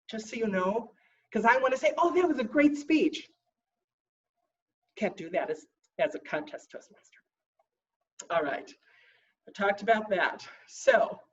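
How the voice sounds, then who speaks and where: Woman trainer, fussy and emphatic, briefing a group; mid-pitched voice, distant muffled audio. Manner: emphatic, slows down to stress points; self-described fussy stickler. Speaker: contest trainer.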